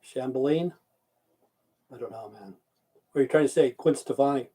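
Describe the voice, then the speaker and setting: A man's voice: medium pitch, moderate pace, mellow, husky. Crude rambling man on a live stream. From Idaho, USA. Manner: crude, swears often, answers chat aloud. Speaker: live stream host reading chat. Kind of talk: casual rambling chat.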